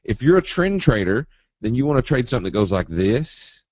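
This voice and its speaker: A man teaching a live trading webinar in a folksy, animated way, acting out quotes and chart moves. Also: mid-range voice, fairly quick, dry recording. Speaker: trading educator. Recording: dull, dry webinar audio.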